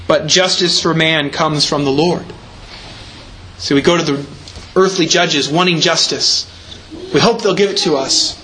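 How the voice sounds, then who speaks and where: A male pastor delivers a sermon with a high, bright voice. He explains the text patiently and stresses key repeated words. Faint noise sits under the recording. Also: poor audio. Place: church.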